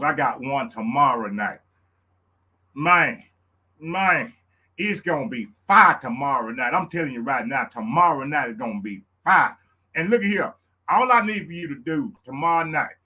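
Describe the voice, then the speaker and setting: A man with a Louisiana Southern accent hosting his own live show, hyped and preacherly, repeating lines and whooping up high. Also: bright, forceful tone, husky. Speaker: show host. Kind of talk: excited live-stream talk.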